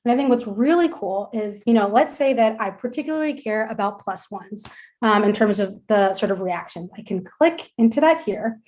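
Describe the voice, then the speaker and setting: A woman's voice: medium pitch, lively intonation, moderate pace, a little mellow. A woman giving a product demo over a shared screen, friendly and filling her talk with ums and uhs. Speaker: product presenter.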